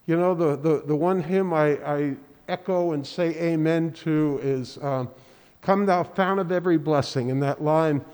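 A man preaching a sermon in earnest, halting speech, often restarting and repeating words. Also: fairly high pitch, a little mellow, clean tone, in a large hall. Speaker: pastor. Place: church sanctuary.

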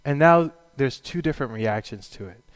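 A man's voice: medium pitch, expressive, moderate pace. A middle-aged man preaching a sermon as pastor, telling stories in a chatty way, with plenty of fillers and little laughs. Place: church sanctuary. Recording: long hall reverb.

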